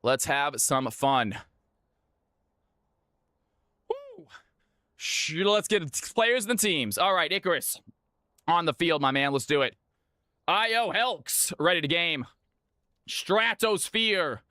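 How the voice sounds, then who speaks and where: A man hosting viewer games on a live stream, talking excitedly and chatting with his audience. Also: sits high, unhurried, no room sound, studio quality.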